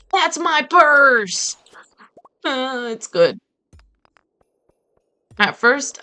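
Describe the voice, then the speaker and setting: A woman's voice: lowish voice, a bit bright. A woman from Brazil streaming a farming game, talking in a chatty, rambling way with casual swearing. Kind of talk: casual gaming stream commentary.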